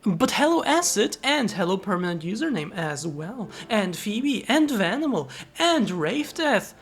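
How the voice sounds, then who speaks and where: A woman's voice: medium pitch, very animated, unhurried. A young woman streaming live, chatting casually with viewers, thanking them and swearing freely.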